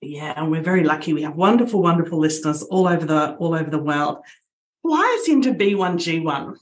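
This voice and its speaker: A woman's voice: deep voice, animated, a little fast. A woman hosting a podcast interview, introducing her guest in an effusive, upbeat way. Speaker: podcast host. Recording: roomy echo.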